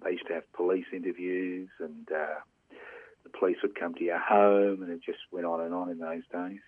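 An older man from Australia hosting a radio interview and asking his questions haltingly, with many fillers. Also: low-pitched, little pitch movement, no room sound. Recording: dry phone-like line.

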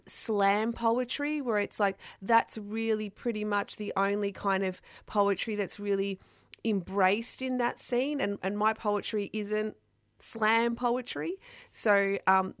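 Woman poet, radio guest; halting, filler-heavy delivery, dry close mic. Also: mid-range voice, a bit bright, no room sound. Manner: hesitant, many fillers and restarts. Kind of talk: conversational radio interview. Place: radio studio. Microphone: studio microphone.

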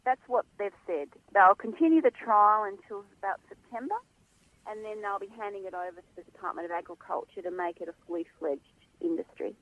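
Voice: mid-range voice, a little fast, fairly bright tone. A guest, speaking passionately and emphatically about animal welfare in a phone interview. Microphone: telephone. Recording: tinny phone line.

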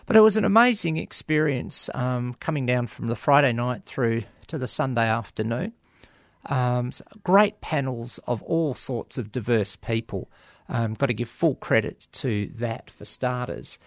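A man's voice: medium pitch, unhurried, gravelly, no echo, clean studio sound. A man with an Australian accent hosting a community radio show, talking casually with many ums and wry, joking asides. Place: radio studio. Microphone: studio microphone.

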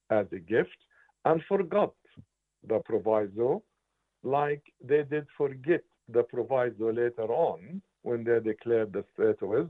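Older man on a tinny line. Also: mid-range voice. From Palestine. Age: 80s. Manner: emphatic, earnest, repeats words for stress. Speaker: interviewed writer and political analyst. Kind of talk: impassioned interview answers. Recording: tinny phone-line audio.

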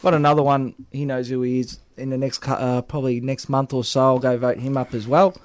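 A man's voice: medium pitch, flat delivery, fairly quick, dry recording. An Australian man working as a union organiser, talking casually and leaning on fillers like "obviously" and "at the end of the day". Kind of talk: casual podcast chat.

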